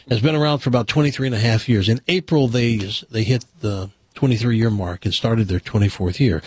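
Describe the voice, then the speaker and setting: A man's voice: lowish voice, breathy edge, dry recording. A man hosting a radio talk show, chatting casually and reading sponsor ads in a folksy, rambling way. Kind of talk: casual radio chat and live read ads.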